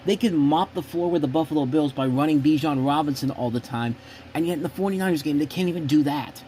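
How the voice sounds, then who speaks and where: A man's voice: on the high side, fast talker, dark tone, slight background noise. A man hosting a show, giving casual sports predictions in a blunt, opinionated and rambling way with frequent restarts. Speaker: host.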